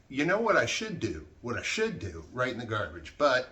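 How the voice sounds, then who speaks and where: A man chats to his viewers in a loose, rambling way, mocking himself as he sorts through clutter. He curses freely when riled up, talking in an everyday mid-pitched voice. A faint noise sits behind him in the cluttered room. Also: huge pitch swings, normal speed, bright, forceful tone. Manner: rambling, self-mocking, swears when worked up. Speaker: vlogger. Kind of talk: casual rambling vlog while decluttering.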